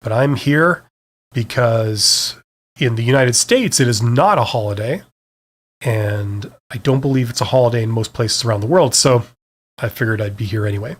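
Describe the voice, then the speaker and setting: A man's voice: mid-range voice, normal speed. Chatty Canadian man hosting a live Q&A. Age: middle-aged. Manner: casual, self-deprecating, chatty with fillers. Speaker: host. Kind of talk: live-stream Q&A chat.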